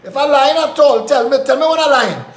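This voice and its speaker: High-voiced Trinidadian man ranting. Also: animated, a little fast, echoey room. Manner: combative, repetitive, preachy. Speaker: live show host. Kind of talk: political commentary rant.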